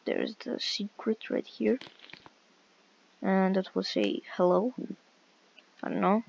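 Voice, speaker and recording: A woman's voice: mid-range voice, gravelly, muffled recording. A woman giving casual, hesitant gameplay commentary with many fillers while walking through a game. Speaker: game walkthrough creator.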